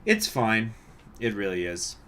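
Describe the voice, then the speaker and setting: A man's voice: on the low side, huge pitch swings, measured pace, bright, forceful tone, slight background noise. Chatty man streaming a strategy game. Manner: chatty, laughs often, reacts to chat. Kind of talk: casual live-stream commentary.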